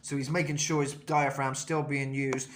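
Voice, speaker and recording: A man's voice: mid-range voice, level tone, normal speed. A man teaching a singing lesson, explaining technique in a thoughtful way with many fillers and restarts. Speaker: vocal coach.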